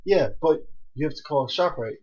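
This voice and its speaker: A man's voice: fairly high pitch, lively intonation, normal speed. A young man co-hosting a podcast, casual chat full of blunt, teasing wisecracks. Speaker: podcast co-host. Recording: dull lo-fi podcast audio.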